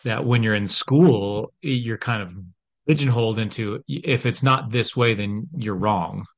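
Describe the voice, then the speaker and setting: A man's voice: fairly low pitch, measured pace. A man hosting a podcast interview, reflecting on his guest's story and asking questions. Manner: reflective, backchannels often. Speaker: podcast host. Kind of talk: casual interview.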